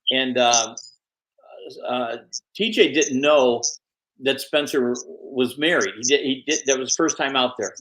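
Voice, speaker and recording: An older man, a guest on an interview podcast, telling animated stories and acting out the people he quotes. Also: mid-range voice, unhurried, low-quality recording. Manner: animated anecdotes, acts out quoted voices. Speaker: guest, MMA promoter and manager. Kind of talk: storytelling interview.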